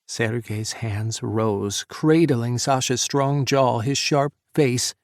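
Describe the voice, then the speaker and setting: A man narrating an audiobook romance in a measured, intimate way. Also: medium pitch, no echo, clean studio sound. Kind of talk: scripted narration.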